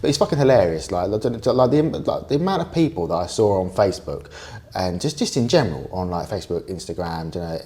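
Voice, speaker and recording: A young man chats loosely on a podcast, voice sitting a little low. He stumbles over restarts and swears freely as he rambles from one point to the next. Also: big pitch swings, fast talker, dark tone. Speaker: podcast co-host. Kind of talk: casual banter.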